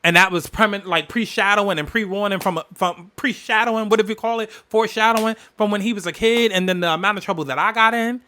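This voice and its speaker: A man with a bright, forceful voice pitched a little high tells a personal story on his podcast. He hammers his points home by repeating key phrases, and he swears freely as he goes. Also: steady tone, quick pace, few pauses, clean tone. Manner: emphatic, repeats phrases for weight, heavy swearing. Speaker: podcast host. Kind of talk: candid storytelling monologue.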